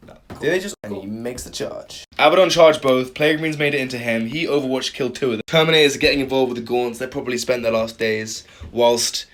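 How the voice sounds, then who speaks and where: Male wargame commentator, mid-range voice, animated, prone to loud outbursts over rolls. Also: mid-range voice, fast talker. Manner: animated, bursts of loud cheering and groans. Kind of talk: excited tabletop battle commentary.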